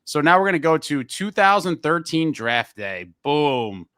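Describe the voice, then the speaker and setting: Bright-voiced man hosting an interview. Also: fairly high pitch, sing-song, unhurried, clean tone, no room sound. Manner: enthusiastic, rambling questions with many fillers. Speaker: podcast host and interviewer. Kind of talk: casual interview.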